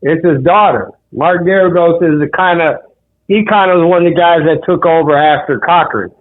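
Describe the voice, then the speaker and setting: A man's voice: a little high, normal speed. A man co-hosting a podcast in casual chat, asking questions and bringing up details from the news. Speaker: podcast co-host. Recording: tinny phone-like line.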